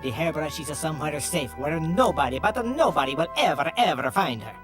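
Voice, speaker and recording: An actor voicing a brash Italian barber who guards a secret, in a cartoon. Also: male voice, a little high, animated, brisk, natural voice. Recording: cartoon soundtrack with music.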